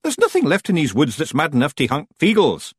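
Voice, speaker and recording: A man's voice: fairly high pitch, huge pitch swings, a little fast, husky, no echo, voice pushed up, heavily acted. Man doing rowdy little Scottish fairy men. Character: tiny rowdy fairy men, brash and gruff.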